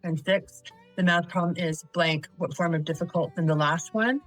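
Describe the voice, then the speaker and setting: Patient tutor woman, low-pitched voice. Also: steady tone, normal speed, low-quality recording. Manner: patient, methodical, reading out examples and exercises. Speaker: essay writing tutor. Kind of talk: instructional lesson narration. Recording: light guitar music behind.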